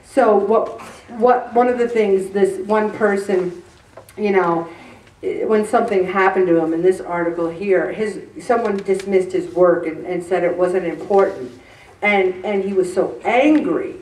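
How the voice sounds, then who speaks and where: A woman's voice: mid-range voice, measured pace, a little mellow. Earnest woman talking in a roomy space. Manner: earnest, conversational, with many restarts. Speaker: host. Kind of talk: faith-based self-help talk. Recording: roomy, distant mic.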